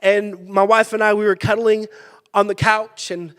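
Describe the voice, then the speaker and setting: High-voiced pastor preaching in a reverberant hall. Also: male voice, moderate pace, clean tone. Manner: animated storytelling, shouting in bursts. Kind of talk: sermon. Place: church sanctuary. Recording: church hall with long reverb.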